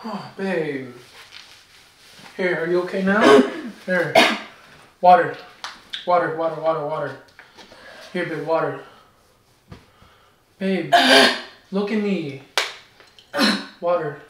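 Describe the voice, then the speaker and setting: A woman's voice: sits low, slow, pauses often. A young woman talking casually, anxious and soothing, repeating herself. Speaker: vlog partner. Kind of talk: casual vlog chat. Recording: very echoey noisy room, mic far off.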